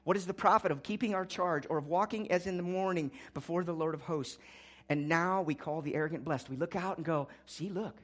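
A man's voice: fairly high pitch, a little fast. Impassioned male pastor preaching. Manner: impassioned preaching, swinging from quiet to loud. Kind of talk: sermon.

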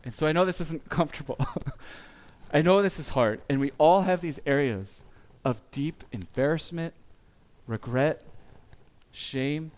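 A man giving a sermon as pastor, speaking earnestly and confessionally, with pauses and small restarts. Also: a little high.

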